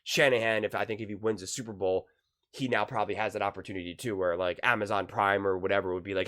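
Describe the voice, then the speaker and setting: A man's voice: fairly low pitch, steady tone, fast talker, a bit bright. Skeptical man rambling through a rebuttal. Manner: skeptical, argumentative, rambling with fillers. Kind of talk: casual reaction commentary.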